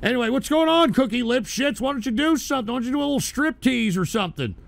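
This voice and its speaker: High, gravelly, foul-mouthed streamer man. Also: fast. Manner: crude, excitable, cursing. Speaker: streamer host. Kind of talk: live-stream reaction commentary.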